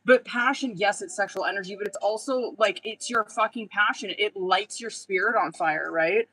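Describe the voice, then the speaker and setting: A woman's voice: mid-range voice, moderate pace, sharp tone, breathy edge, low-quality recording. A young adult woman doing a casual live tarot reading, blunt and chatty, swearing freely and laughing often. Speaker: tarot reader.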